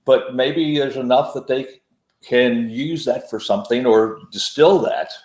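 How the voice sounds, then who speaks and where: An easygoing man co-hosts a casual beer chat and drops in short agreements between longer remarks. His pitch is ordinary, neither high nor low. The room around him gives a noticeable echo. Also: a little slow, darkish tone. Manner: brief agreeing interjections, easygoing. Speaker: podcast co-host. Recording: echoey room.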